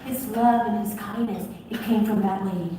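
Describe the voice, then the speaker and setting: A woman on stage, talking warmly and emotionally about her family in a live conversation. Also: mid-range voice, steady tone, moderate pace. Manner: warm, gushing, emotional storytelling. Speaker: guest on stage. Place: large venue with audience. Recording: echoey hall from far off, noisy.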